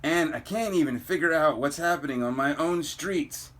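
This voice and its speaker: A man reading a comic aloud, voicing a weary, worried teen boy superhero in a low, subdued inner monologue. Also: moderate pace, a bit bright, close to an everyday voice. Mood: troubled. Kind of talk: comic book read-aloud.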